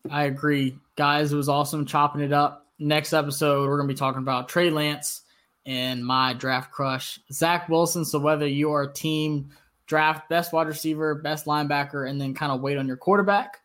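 This man hosts a casual sports chat podcast. His voice sits a little higher than most men's. He talks with an eager, enthusiastic energy and laughs easily. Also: flat delivery, moderate pace, a bit bright. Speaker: podcast host.

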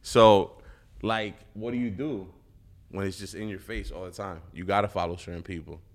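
A man's voice: low-pitched, fairly even intonation, normal speed. A young man chatting casually as a guest, laid-back and joking. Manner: laid-back, joking, says "you know" a lot. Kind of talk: casual interview chat.

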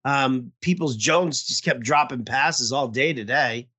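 A man's voice: medium pitch, unhurried, sharp tone, slightly rough. A man in casual podcast chat, telling a rambling, profane story about his bad fantasy football week while nursing a toothache. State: toothache pain. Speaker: podcast co-host.

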